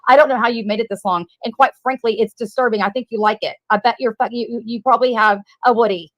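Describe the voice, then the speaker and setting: A woman's voice: fairly high pitch, steady tone, fast, a bit bright, no echo. A woman on a live stream, swearing and confronting a caller in a heated argument. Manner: profane, confrontational.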